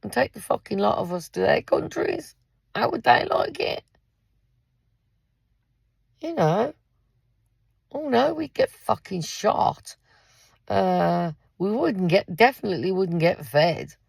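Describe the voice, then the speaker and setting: A woman's voice: medium pitch, lively intonation, a little slow, creaky, a little mellow, slightly rough, dry recording. A woman ranting bluntly into the camera from inside her car, swearing freely and talking straight at her listeners. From England. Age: 50s. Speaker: parent and carer. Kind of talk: angry vlog rant. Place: in a car in a car park.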